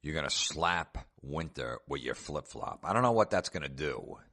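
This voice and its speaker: Male comedian host, extremely deep voice, sarcastic and foul-mouthed. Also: expressive, normal speed, creaky, fairly bright tone. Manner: sarcastic, profane mockery. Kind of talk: comedic podcast rant.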